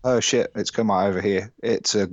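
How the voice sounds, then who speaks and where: A man's voice: on the low side, fairly even intonation, normal speed, no echo, dull audio. A British man in his thirties, a musician, telling stories and swearing freely in casual podcast chat. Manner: sweary, storytelling, laughing often. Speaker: band musician guest.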